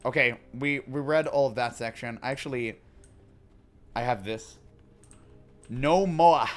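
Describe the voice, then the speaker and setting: A man's voice: mid-range voice, fairly even intonation, moderate pace, a bit bright. A man casually reading in-game books aloud and joking between passages, with faint music behind him. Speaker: gaming commentator.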